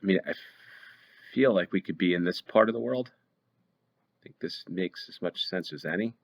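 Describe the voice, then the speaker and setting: Speaking at an ordinary speed in a low, creaky voice, a game show host from the United States talks through a play-along geography game. He weighs his guesses aloud, filling gaps with uncertain ums.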